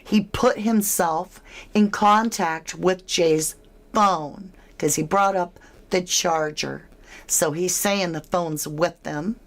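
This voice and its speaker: A woman talks through a true crime case in a relaxed, speculative way. Her voice sits low and her pace is unhurried, and she keeps turning to her listeners with questions. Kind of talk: casual speculative commentary.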